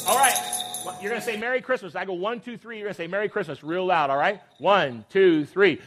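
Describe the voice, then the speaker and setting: High-voiced upbeat man coaxing children. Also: over music. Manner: upbeat and coaxing, teasing the kids, quick laughs. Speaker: leader of a children's church Christmas program. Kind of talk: lively emcee talk to children on a stage. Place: church stage with children around.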